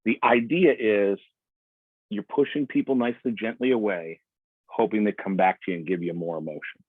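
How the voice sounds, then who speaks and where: A man as a sales trainer teaching on a video call, animated, acting out customer dialogue. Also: lowish voice, normal speed, breathy edge, dry recording. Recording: tinny phone-like line.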